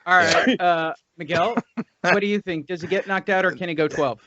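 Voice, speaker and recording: Brief: male podcast host, crude banter, tense and bright tone; dull, dry call audio. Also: sits high, normal speed, dry recording. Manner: crude, joking, leads the questions. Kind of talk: casual sports podcast chat.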